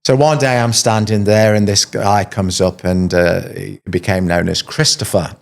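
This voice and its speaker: A man's voice: lowish voice, steady tone, normal speed, creaky. A man from London telling anecdotes as a podcast host, chatty and full of rhetorical asides. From England. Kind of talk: casual storytelling chat.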